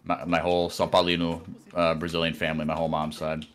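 A man co-casting an esports stream, talking in rambling, animated casual chat with many restarts. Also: deep voice, fast talker. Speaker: esports co-caster.

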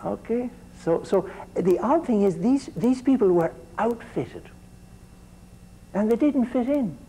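A man's voice: high voice, lively intonation, a little slow, warm tone, slightly rough, low-quality recording. A man giving a university lecture, often repeating his words as he restarts sentences and putting questions to the students.

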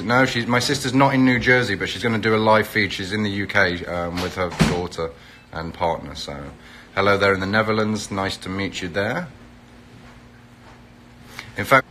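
A man's voice: on the low side, moderate pace, background noise. A middle-aged Englishman, chatting casually on a phone live stream, greeting viewers by where they are and promoting an event. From England. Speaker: reality TV personality hosting a live stream.

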